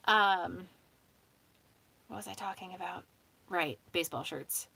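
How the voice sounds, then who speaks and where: A woman's voice: fairly low pitch, a little slow, creaky, pauses often, bright, forceful tone, slightly rough. A woman hosting a casual home stream, chatting in a rambling way, swearing freely and laughing often. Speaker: host of a sewing hangout stream. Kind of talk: casual chat.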